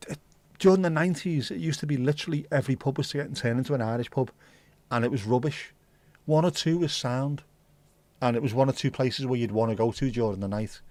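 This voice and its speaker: Sweary rambling man. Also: medium pitch. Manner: answers chat comments out loud. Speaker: livestream host. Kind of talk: casual chat with a live audience.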